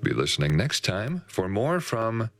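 Deep gravelly solemn scripture reader. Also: male voice, very animated, a bit bright. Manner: slow, solemn, measured reading. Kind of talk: reading scripture aloud without comment.

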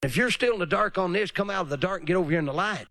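A man's voice: high voice, racing, fairly bright tone, no room sound. A man preaching a dramatic sermon, often mocking others in put-on voices.

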